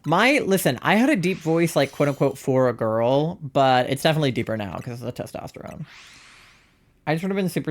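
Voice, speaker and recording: A young transmasc streamer in their twenties, chatting casually while gaming, rambling with lots of "like" and self-deprecating asides. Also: male voice, on the high side, big pitch swings, a little fast.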